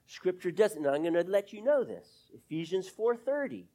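Middle-aged pastor with a lively voice. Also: male voice, sits high. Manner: swings from loud emphatic passages to hushed, near-whispered asides; earnest, drawn-out stress on key words. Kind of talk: sermon.

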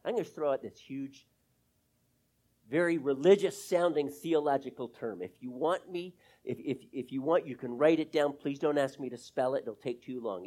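A middle-aged man preaching a sermon as pastor, earnest, drawing out key words and swinging between loud emphasis and hushed, near-whispered asides. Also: on the high side, big pitch swings, a little slow.

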